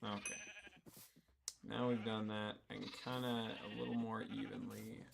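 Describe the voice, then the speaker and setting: Gravelly low-voiced gaming commentator. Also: male voice, flat delivery, moderate pace, background noise. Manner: rambling, joking asides with many fillers. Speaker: gaming channel host. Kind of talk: casual gameplay commentary.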